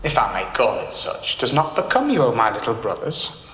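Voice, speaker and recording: A mock-polite young thug. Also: male voice, mid-range voice, wildly swooping pitch, moderate pace, pushed and bright. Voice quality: mock-formal, theatrical. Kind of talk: film dialogue clip. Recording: roomy, dull film-clip audio with music.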